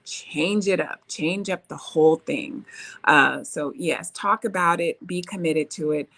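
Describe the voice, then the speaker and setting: A woman's voice: fairly low pitch, unhurried, fairly bright tone. A woman hosting a relationship advice talk, coaching listeners and reading viewer comments, often checking in with "right?". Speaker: relationship talk show host.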